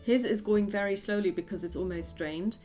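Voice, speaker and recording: A woman narrates as the game master of a tabletop game, describing each scene in an unhurried, halting way. Her voice sits at a middling pitch, and soft music plays underneath. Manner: descriptive, with frequent fillers and restarts.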